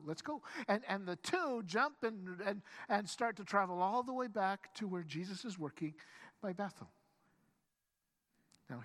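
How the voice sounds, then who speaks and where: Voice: medium pitch, fairly bright tone. A pastor preaching a sermon, telling the story with animation, acting out quoted lines and often stumbling into restarts. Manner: frequent stammered restarts.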